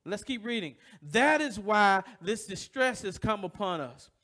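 Man, pastor, sermon, high voice, rhetorical questions. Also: animated, a little slow. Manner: storytelling, rhetorical questions to the congregation; acts out voices in stories, loud bursts. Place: church.

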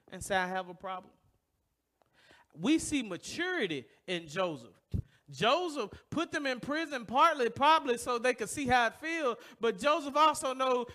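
Bright high-voiced preacher man. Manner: storytelling, rhetorical questions to the congregation; acts out voices in stories, loud bursts. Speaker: pastor. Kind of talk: sermon. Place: church.

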